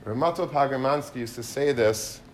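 A man's voice: medium pitch, moderate pace, slight background noise. An adult man giving a sermon, telling stories with lots of Yiddish and Hebrew terms mixed in. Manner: lively storyteller mixing in Yiddish and Hebrew terms. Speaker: Torah speaker. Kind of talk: sermon with storytelling.

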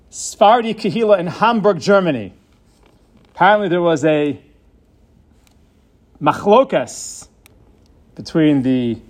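A man with a fairly high, light voice teaches a Torah lesson on Hebrew grammar. He explains each point in a measured, patient way and weaves Hebrew terms into his speech.

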